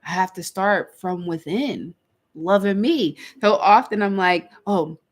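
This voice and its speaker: A woman who works as a life coach, talking candidly in a reflective monologue and acting out her own inner dialogue with lively shifts. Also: mid-range voice, a little slow. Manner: candid, animated storytelling with quoted inner dialogue.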